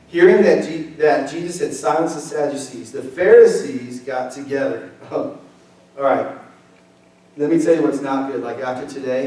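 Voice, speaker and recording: Joking young pastor in an echoey church. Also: male voice, medium pitch, mellow. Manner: casual, joking, talks with the congregation. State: weak from illness. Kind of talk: sermon. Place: church sanctuary. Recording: echoey sanctuary, mic from far off.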